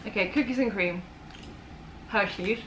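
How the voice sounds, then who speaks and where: A young English woman, chatty and quick to laugh, taste-testing sweets and giving scores. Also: medium pitch. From England. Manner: chatty, laughs easily, teasing. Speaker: vlogger. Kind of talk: casual taste-test chat. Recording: noisy home recording.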